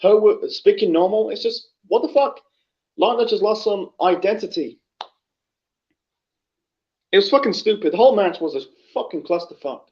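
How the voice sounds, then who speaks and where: A man's voice: sits high, moderate pace, pauses often, mellow, muffled recording. A man ranting in an unscripted wrestling review, angry and profane, rambling with many restarts.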